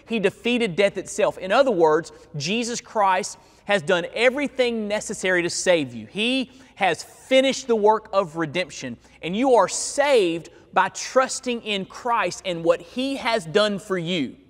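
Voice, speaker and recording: A male pastor preaching a sermon in a church, stressing key words and stretching them out slowly. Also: high voice, lively intonation. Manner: emphatic preaching with slow, drawn-out key words. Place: church sanctuary. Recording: long hall reverb.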